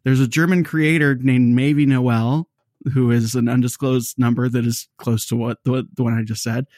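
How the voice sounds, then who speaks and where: A man's voice: mid-range voice, fairly even intonation, moderate pace, a little mellow, no echo. Middle-aged male podcast co-host, casual and giggly, dead-dry mic. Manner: rambling, laughs often while browsing online. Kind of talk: casual chat.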